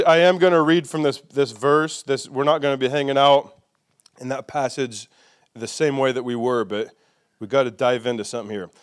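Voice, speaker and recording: A man's voice: a little high, clean tone. A man preaching a sermon as pastor, conversational and playful, leading the congregation in call-and-response.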